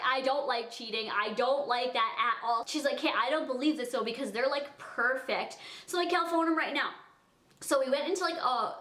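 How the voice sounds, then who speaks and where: Young woman vlogger, fairly high voice, chatty storytime delivery, roomy echo. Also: fairly bright tone. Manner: chatty, heavy use of "like", acts out dialogue. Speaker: vlogger telling a personal story. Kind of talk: casual storytime chat. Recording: echoey room.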